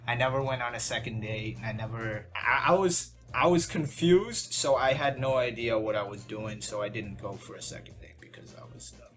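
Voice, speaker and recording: A man's voice: mid-range voice, moderate pace, hardly any pauses, a bit bright. A young man telling a story in a casual vlog, rambling and self-deprecating, with many restarts and asides. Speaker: YouTube channel host. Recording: music bed under the voice.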